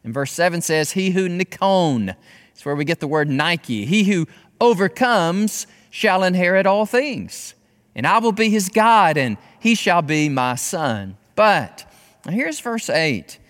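A man delivering an impassioned sermon in a high, animated voice that swings widely between loud bursts and hushed tones. His words carry a long reverb, as though they fill a large sanctuary. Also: unhurried. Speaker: pastor.

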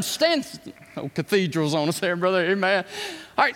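A man delivers a sermon in a high, lively voice that swoops widely as he acts out the characters of scripture. He is recorded in an echoey large hall with a long reverb, his voice at times drifting away from the mic. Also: takes it slowly. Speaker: pastor.

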